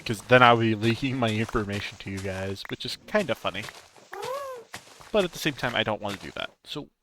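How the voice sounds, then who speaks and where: A man's voice: lowish voice, expressive, brisk, fairly bright tone, slight background noise. A man giving casual, rambling gameplay commentary, joking at himself and drifting into silly humming. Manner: rambling and self-mocking, breaks into silly song. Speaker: gaming channel host.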